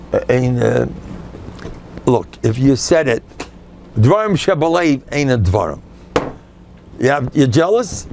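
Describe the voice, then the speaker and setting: An older man giving an informal, animated Torah class as a rabbi, sprinkling Yiddish and Hebrew phrases. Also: mid-range voice, vocal fry, a little hiss or hum.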